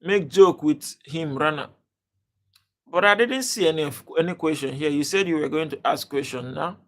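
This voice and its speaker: A man's voice: fairly high pitch, normal speed, fairly bright tone. A man from Africa hosting a casual live stream, bantering with viewers and reading their comments aloud in a playful way. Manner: playful banter, chuckling, repeats words when starting.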